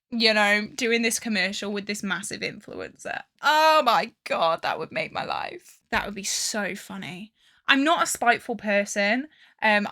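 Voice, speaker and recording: A young woman chatting excitably and gossiping as she does her makeup for a get-ready-with-me vlog. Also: mid-range voice. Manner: bubbly, excitable and gossipy, with frequent laughs. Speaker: beauty vlogger. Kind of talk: get-ready-with-me chat while doing makeup.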